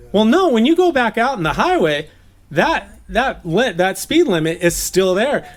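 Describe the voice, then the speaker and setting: A man's voice: high voice, very animated, normal speed. A man raised in Southern California giving an informal, conversational Bible teaching, laughing at his own jokes.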